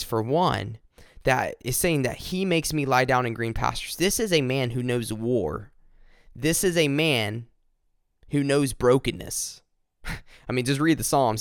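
A man from upstate South Carolina, giving an earnest, informal devotional talk that slows down and repeats words when he reads scripture. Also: mid-range voice, dry recording, studio quality. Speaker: devotional speaker.

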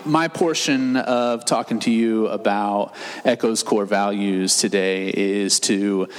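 A man speaking as a pastor, giving a measured, explanatory sermon. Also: fairly low pitch, clean tone. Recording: reverberant hall.

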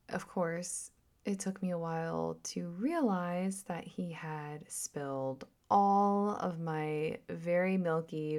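A woman and mother shares a casual, rambling reflection as a vlog. Her voice sits low and slow with a gravelly fry, and she often slips into hushed, whispered asides. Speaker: mother and vlogger.

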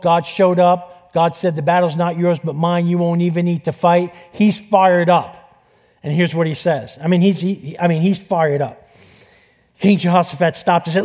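A man's voice: sits high, a little mellow. A man with a New York accent preaching a sermon with passion, repeating phrases for emphasis. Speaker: pastor.

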